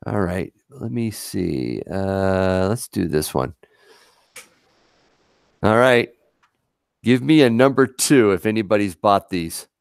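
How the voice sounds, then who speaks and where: A man's voice: fairly low pitch, animated, slow, vocal fry, pauses often, smooth, dry recording, clean studio sound. A man co-hosting a casual livestream, chatty and laughing often as he reads comments aloud. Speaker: livestream co-host. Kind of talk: casual live chat.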